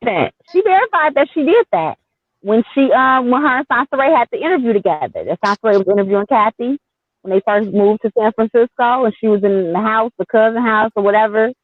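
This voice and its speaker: Animated high-voiced woman on a phone line. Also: a little fast, no echo. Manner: animated storytelling. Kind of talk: casual commentary chat. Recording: tinny dry phone line.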